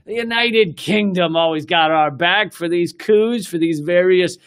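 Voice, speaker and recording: A man's voice: high voice, unhurried. A man hosting a comedy news show, delivering a sarcastic, profane political rant with lots of fillers and restarts. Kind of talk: ranting political comedy monologue.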